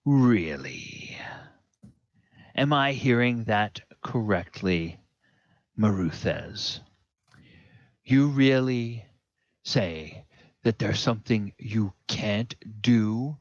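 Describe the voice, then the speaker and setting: A man's voice: lowish voice, slow pace, long pauses, dry recording, lo-fi sound. A man voicing an imposing male enforcer who speaks with scornful sarcasm.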